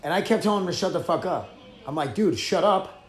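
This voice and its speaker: A man's voice: a little high, expressive, fast. A man hosting a podcast, chatting casually in a loose, profane, rambling way. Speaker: podcast host. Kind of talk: casual chat. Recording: echoey room.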